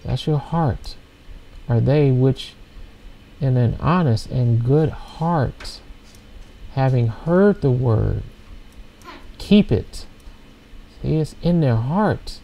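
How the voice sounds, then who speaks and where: Male preacher, bible study; unhurried, phrase-by-phrase delivery, dark tone, asks "See?" a lot. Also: mid-range voice, expressive, gravelly, poor audio. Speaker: preacher leading a scripture study. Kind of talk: informal bible teaching, reading verses and explaining them.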